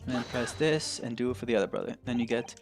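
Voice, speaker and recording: A man giving casual game commentary in an offhand, jokey manner. His voice sits at a middle pitch, with faint music playing behind him. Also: quick pace, creaky. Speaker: let's play host.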